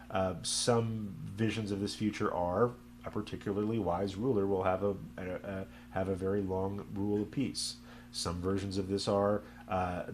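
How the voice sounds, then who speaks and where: A man with a lowish voice talks through religious ideas casually, like a stream host chatting with viewers. He jokes often and fills pauses with plenty of ums and uhs. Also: darkish tone, a little hiss or hum. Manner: chatty and joking, with frequent fillers. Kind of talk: casual livestream teaching.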